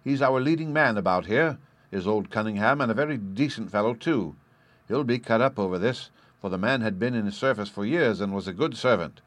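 A man voicing a hearty older country colonel who speaks briskly and matter-of-factly, in an audiobook reading. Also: on the low side, expressive, fairly bright tone, no room sound. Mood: bluff.

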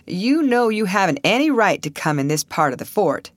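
A woman's voice: medium pitch, sing-song, normal speed, no echo, voice pushed up. Woman reading a courteous, chatty soldier. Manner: polite, chatty, reassuring. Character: kindly, courteous male fort soldier. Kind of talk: audiobook character reading.

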